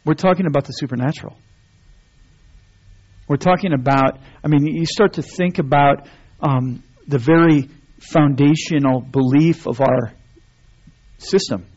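Husky-voiced preacher, conversational. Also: male voice, medium pitch, darkish tone. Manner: conversational, repetitive restarts, rising to emphatic. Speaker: pastor. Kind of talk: sermon. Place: church sanctuary. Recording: dull lo-fi sermon recording.

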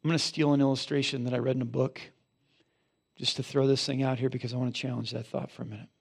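A man who is a pastor, preaching a sermon with animated storytelling and then leading a quiet prayer in a church. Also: mid-range voice, quick pace, gravelly, husky. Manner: animated storytelling, rising loud for emphasis, dropping soft in prayer. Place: church sanctuary.

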